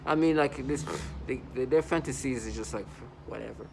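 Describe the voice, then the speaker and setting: A man's voice: mid-range voice, fairly quick, creaky, background noise. A man recording a first-person video monologue, talking urgently and repeating himself, with lots of "like" between his points. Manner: urgent, repetitive, heavy use of "like". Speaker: vlogger.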